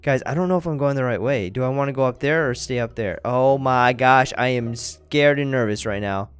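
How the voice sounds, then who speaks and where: A young man giving excitable gameplay commentary, talking straight to his viewers and yelping when something startles him. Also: mid-range voice, brisk, smooth, faint music behind. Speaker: gaming YouTuber.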